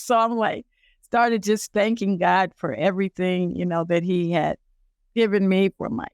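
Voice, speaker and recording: An older woman speaks as a podcast guest, telling her story earnestly with many ums and uhs. Her voice is smooth and resonant. The recording is dry and close. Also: lowish voice, normal speed, no echo. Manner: earnest, many fillers, acts out her own past speech. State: tearful at times. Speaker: league founder and guest. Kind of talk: interview storytelling.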